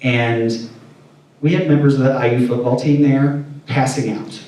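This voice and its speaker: A man from Indiana, USA, is a guest in a casual interview, telling candid, animated stories and acting out quotes as he goes. His mid-range voice is unhurried, picked up by a distant mic in an echoey room with slight background noise.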